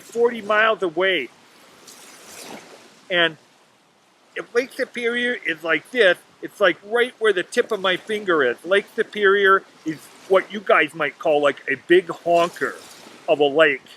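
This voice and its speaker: A man's voice: sits high, bright, forceful tone, slight background noise, low-quality recording. A man chatting casually into his laptop on a lakeshore beach, rambling through a story and his day. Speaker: vlogger. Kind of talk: casual outdoor video diary. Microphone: laptop webcam.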